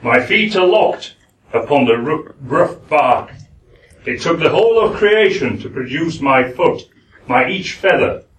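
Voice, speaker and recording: A man with a Yorkshire accent reciting a poem in the voice of a proud, ruthless hawk perched in a treetop. He speaks slowly and deliberately. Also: on the high side, expressive, fairly bright tone, a little hiss or hum. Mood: cold. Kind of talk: poetry recital. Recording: echoey room, speaker far from the mic.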